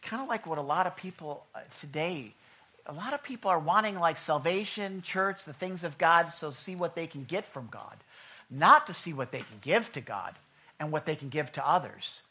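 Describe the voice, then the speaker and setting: A male pastor preaching a sermon with a bright, forward tone. He talks to the room conversationally, pushing his listeners loudly and then dropping to a hushed voice for scripture. His voice sits a little high for a man. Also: slightly rough. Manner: conversational, swings from loud urging to hushed reading.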